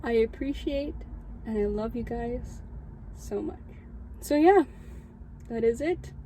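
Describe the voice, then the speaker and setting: A woman's voice: fairly high pitch, takes it slowly, warm tone, slight background noise, rough recording. A young woman, a student chaplain, sharing a heartfelt personal testimony, emotional and near tears, speaking from her car. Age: young adult. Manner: heartfelt, tearful, laughing. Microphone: camera in a car.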